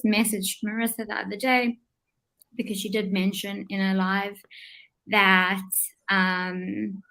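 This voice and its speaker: A woman from South Africa with a South African accent, a guest in a casual livestream chat, explaining things in a measured way. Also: mid-range voice, flat delivery, vocal fry, pushed and bright, low-quality recording. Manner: measured, explanatory, with filler ums.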